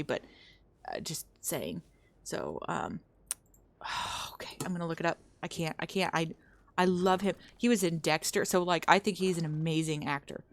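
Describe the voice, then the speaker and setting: Low-voiced rambling woman streamer. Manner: rambling, self-interrupting, trails off mid-sentence. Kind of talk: casual chat to stream viewers.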